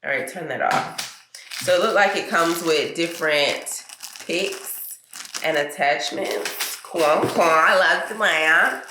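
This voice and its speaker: Just awake, this young vlogger talks to camera in her kitchen at home, cooking and opening packages as she goes. She speaks slowly in a lowish, sharp-toned voice, and the room echoes a bit with slight background noise. Her style is loose and chatty, full of "y'all" and "girl."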